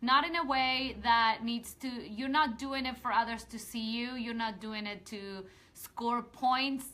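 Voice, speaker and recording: A woman speaks straight to her online viewers in a casual live stream, earnest and heartfelt. Her voice is bright and forceful and sits a little high, and she rambles and restarts her sentences before rallying her audience with rousing calls to action. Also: unhurried. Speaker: women's empowerment coach hosting a live video.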